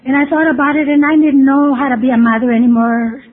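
A woman's voice: high voice, level tone, quick pace. A woman telling her personal recovery story to a meeting, candid and self-mocking with wry humor. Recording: tinny phone-like lo-fi recording with faint hiss.

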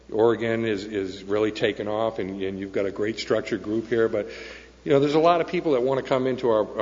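A man's voice: on the low side, a little mellow. A man sharing a personal story at a recovery meeting, earnest and peppered with "okay?" and "right?". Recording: dull sound with long hall echo.

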